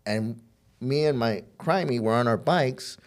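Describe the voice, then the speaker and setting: A man's voice: medium pitch, measured pace. A middle-aged man, a podcast guest, telling a personal story of addiction and recovery, rambling and repeating words as he acts out old conversations.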